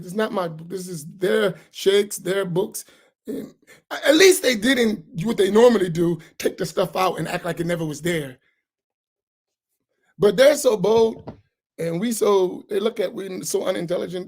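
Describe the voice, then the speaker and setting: Sarcastic gravelly man preaching. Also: high-pitched, animated, normal speed, a little mellow. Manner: sarcastic, rhetorical questioning. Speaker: imam teaching a class. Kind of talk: heated religious lesson, argumentative.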